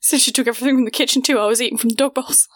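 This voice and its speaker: A woman's voice: a little high, fairly even intonation, racing, lightly acted. A woman voicing a drunk, self-pitying divorced office worker, mopey and pleading.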